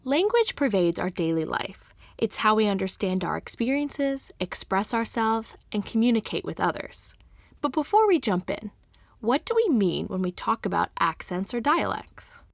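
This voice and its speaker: A woman co-hosting a science podcast, reading scripted narration in a measured, questioning way. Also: mid-range voice, big pitch swings, creaky. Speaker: podcast co-host.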